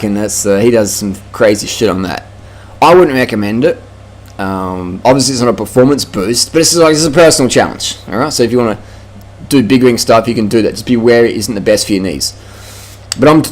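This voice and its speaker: An Australian man ranting casually to camera about cycling, blunt, profane and mocking. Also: mid-range voice. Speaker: cycling vlogger.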